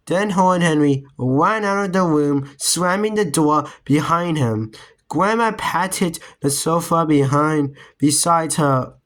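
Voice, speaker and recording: A man reading a children's book aloud in a slow, careful way. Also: on the high side, a bit bright. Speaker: reader.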